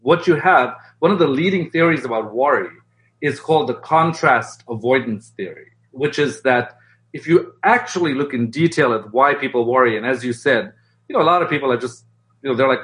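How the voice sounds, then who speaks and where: A man talking as an interview guest, lively and animated, often acting out quoted voices as he explains. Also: medium pitch, fairly quick. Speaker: guest expert. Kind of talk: interview conversation.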